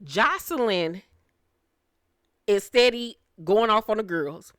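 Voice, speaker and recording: Woman reviewer recapping reality TV, brash and foul-mouthed, close dry sound, mid pitch. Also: expressive, slow pace, a bit bright, no echo. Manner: brash, profane, laughs often. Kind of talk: casual recap commentary.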